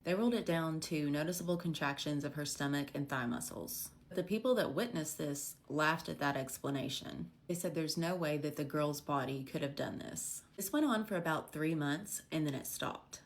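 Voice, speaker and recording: A woman tells a brief ghost story in a very low voice. She speaks directly to the listener and poses questions to them. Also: moderate pace, few pauses. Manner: direct, addresses the viewer with questions. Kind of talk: short scary story narration.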